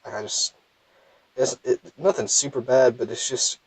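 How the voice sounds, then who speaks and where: A man's voice: mid-range voice, steady tone, normal speed, darkish tone, husky, dry recording, poor audio. A young man with a thick Southern US accent, rambling and self-deprecating as he comments casually on his gameplay. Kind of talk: casual let's play commentary.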